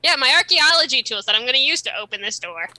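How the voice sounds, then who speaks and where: A woman's voice: high-pitched, sing-song, fast, sharp tone, slight background noise, poor audio. A woman playing a tabletop role-playing game, chatting casually and describing her character's actions. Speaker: player.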